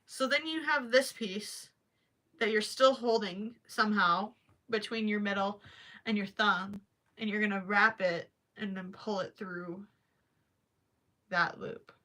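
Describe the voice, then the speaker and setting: A woman's voice: mid-range voice, a little slow, bright, forceful tone. A young woman hosting a casual crochet livestream, chatting to viewers, apologizing often and giggling as she thinks aloud.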